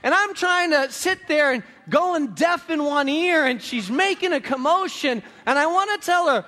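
A man's voice: very high-pitched, lively intonation, measured pace, sharp tone. A male pastor preaching a sermon to a congregation, emphatic and repetitive, telling stories. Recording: long reverb of a large room.

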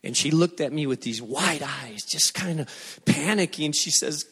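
A middle-aged man delivers a sermon as a pastor, his voice sitting high for a man. He tells his stories with animated, emphatic repetition. His words ring out with the long reverb of a large church hall. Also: moderate pace, breathy edge.

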